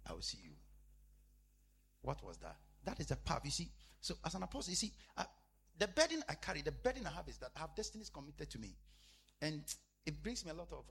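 A man preaching with a high, lively voice. His tone is bright and husky, and he repeats his phrases. He swings between shouted emphasis and low, quiet asides. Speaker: apostle preaching. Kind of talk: sermon.

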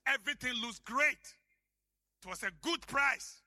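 A male pastor from Africa preaching a sermon, telling stories and shouting key lines for emphasis. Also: very high-pitched, measured pace, no echo, clean studio sound.

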